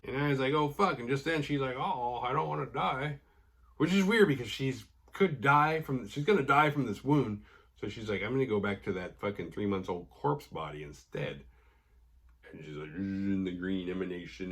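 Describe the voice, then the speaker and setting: A man hosting a podcast, casually recapping a horror episode with sarcastic, profane asides and quick mimicry of the characters. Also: medium pitch, vocal fry, fairly bright tone.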